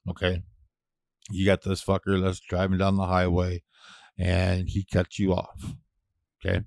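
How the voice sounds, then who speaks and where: Man, deep gravelly voice, profane blunt rant, dry close recording. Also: monotone, a little slow, no echo. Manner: profane, blunt, with sudden loud outbursts. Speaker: podcast host. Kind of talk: casual ranting monologue.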